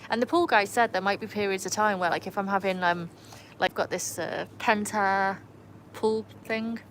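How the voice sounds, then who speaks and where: A woman's voice: mid-range voice, fairly even intonation, normal speed, a bit bright, slight background noise, rough recording. A woman with a mixed Birmingham and North Wales accent, chatting casually on a livestream and greeting viewers by name. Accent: mixed Birmingham and North Wales English. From England and North Wales. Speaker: livestream host. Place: home with a pool.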